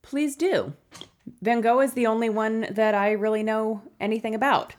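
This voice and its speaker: Woman cohosting a podcast, easygoing chatty talk, thinks out loud. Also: on the high side, moderate pace. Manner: chatty, conversational, thinking aloud. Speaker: podcast co-host. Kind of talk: casual chat.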